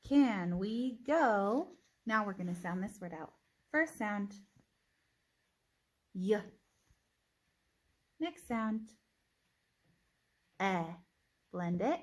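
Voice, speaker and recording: Woman, teacher, phonics lesson, unhurried pace, careful sounding out, encouraging. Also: mid-range voice, animated. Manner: slow, deliberate, encouraging.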